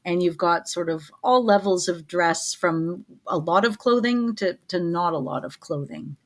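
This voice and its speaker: A woman's voice: lowish voice, unhurried. A woman co-hosting a casual podcast, chatty and playful, thinking aloud as she talks. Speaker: podcast co-host.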